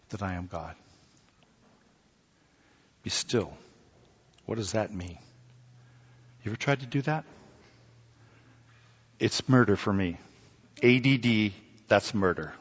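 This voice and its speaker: A middle-aged man preaching a sermon, swinging between loud exclamations and hushed near-whispers, with joking asides. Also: mid-range voice, breathy edge, big-room sound, highs cut off.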